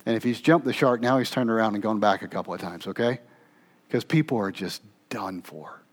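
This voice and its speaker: A man preaching a sermon, moving between emphatic, raised passages and quiet, low asides, often checking in with the congregation with a conversational "okay?". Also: a little fast. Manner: conversational, with frequent "okay?" check-ins and restarts. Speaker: pastor.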